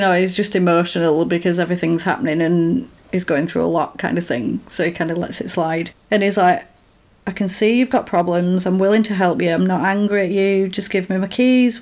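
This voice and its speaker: Woman, casual co-host, lively storyteller who voices the quotes. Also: on the low side, a little fast. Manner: animated storyteller, acts out quotes. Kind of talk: casual chat retelling a film.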